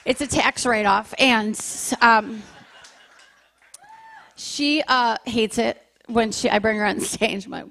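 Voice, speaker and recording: A woman's voice: fairly high pitch, steady tone, a bit bright. Chatty woman doing stand-up comedy. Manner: chatty, self-deprecating, quick asides to the crowd. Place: live comedy show in a church venue.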